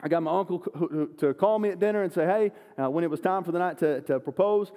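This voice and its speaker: A man preaching a sermon, an animated, self-deprecating storyteller. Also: sits high, quick pace. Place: church sanctuary. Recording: long church hall reverb.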